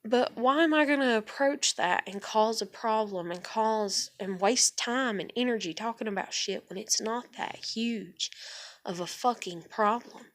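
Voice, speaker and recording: A woman's voice: a little high, measured pace. Woman vlogger, casual on-camera rant; blunt, swears freely, hammers her points home. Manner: blunt, profane, emphatic venting.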